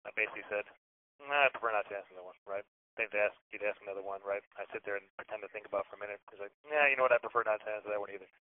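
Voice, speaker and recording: A man's voice: lowish voice, fairly even intonation, racing. A man telling a long story in casual, rambling talk, swearing often and acting out what others said. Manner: rambling, swears a lot, acts out quotes. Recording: tinny phone-like audio.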